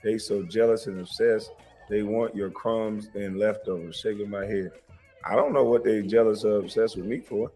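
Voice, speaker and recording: An American man talks through his grievances in a loose, repetitive rant, cursing freely. His voice sits low. The sound carries a long reverb, with faint music underneath. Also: moderate pace, dark tone, breathy edge. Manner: aggrieved, repetitive, swearing freely. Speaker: commentator reacting to a clip. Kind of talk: casual reaction commentary.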